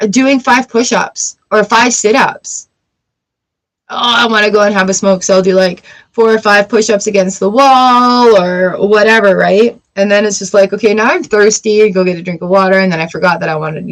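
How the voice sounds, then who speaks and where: A woman's voice: mid-range voice, fairly even intonation, normal speed, rough recording. A woman hosting a livestream, talking candidly and encouragingly in a casual advice chat. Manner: candid, encouraging, self-talk asides. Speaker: tarot livestream host.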